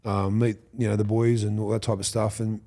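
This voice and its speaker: A fairly low-pitched, fairly quick-talking Australian man in his fifties, a former rugby league player, tells stories as a podcast guest. In casual chat he animatedly acts out what other people said, swears freely, and laughs.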